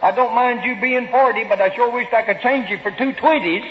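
A man's voice: very high-pitched, fairly quick, heavy background noise. A man voicing a scolding older aunt from the country in a radio comedy bit. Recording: lo-fi 1950s radio broadcast in an echoey hall.

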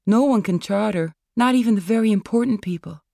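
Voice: medium pitch, fairly quick, vocal fry, a little mellow, no echo, studio quality, pitched above the performer's own voice, natural voice. An author reading a story aloud and voicing an anxious man who tries to sound capable and placating.

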